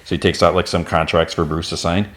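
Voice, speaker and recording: A man hosting a podcast, recapping an animated episode in a chatty, rambling way with lots of fillers and restarts. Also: deep voice, fast talker. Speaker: podcast host.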